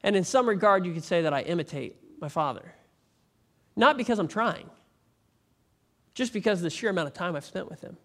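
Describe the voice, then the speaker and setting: A male pastor delivering a conversational, animated sermon that builds to emphatic peaks. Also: sits high, a little fast, long pauses. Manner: animated, rising to emphatic near-shouting peaks; conversational preaching with repeated restarts.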